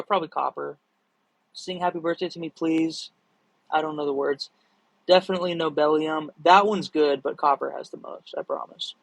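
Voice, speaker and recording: A young man hosting a live stream, answering viewer questions in a rambling, excitable, casual chat, swearing freely. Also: on the high side, no room sound, poor audio.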